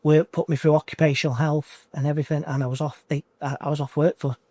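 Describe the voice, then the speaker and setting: Man, forties, coaching client in an emotional interview; halting and repetitive delivery, slightly high voice, dry close recording. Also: little pitch movement, warm tone, no room sound. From United Kingdom. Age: 40s. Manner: halting, repeats himself, restarts phrases.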